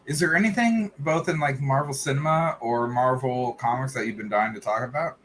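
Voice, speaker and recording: A man's voice: mid-range voice, brisk, fairly bright tone. A man hosting a casual chat, rambling with lots of fillers, restarts and laughs. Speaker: host.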